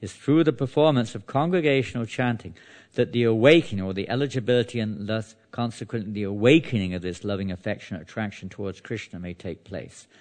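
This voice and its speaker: Low-voiced male preacher, conversational. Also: fast, a little mellow. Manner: conversational, with frequent restarts and "you know". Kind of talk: devotional sermon with scripture reading.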